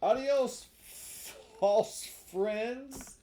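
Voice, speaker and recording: A man doing a shrill, scornful wooden puppet boy. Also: very slow, a little hiss or hum, exaggerated voice. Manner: high, loud, emphatic delivery. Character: wooden marionette boy, proud and brisk.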